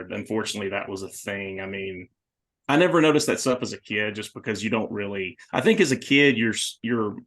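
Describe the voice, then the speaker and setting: A man hosting a horror movie podcast, talking casually and excitedly with many restarts. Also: fairly low pitch. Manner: rambling, animated, many restarts. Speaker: podcast host. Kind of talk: casual movie review chat.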